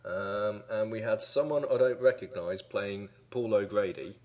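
A man's voice: lowish voice, a little slow, dull audio. A man co-hosting a comic casual chat, telling stories in a wry, dry way with hesitations.

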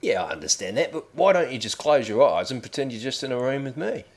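A man's voice: mid-range voice, very animated, fast talker. A man doing a matey Australian coach. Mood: coaxing. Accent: put-on Australian. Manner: casual and blunt, keeps saying "mate".

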